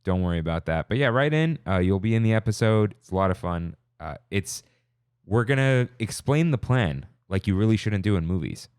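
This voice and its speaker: A man's voice: fairly low pitch, lively intonation, brisk, a little mellow, smooth, no room sound, clean studio sound. A man hosting a podcast, talking in a rambling, upbeat, casual way and often cutting himself off. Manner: rambling, self-interrupting, upbeat. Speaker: podcast host. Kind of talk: casual chat.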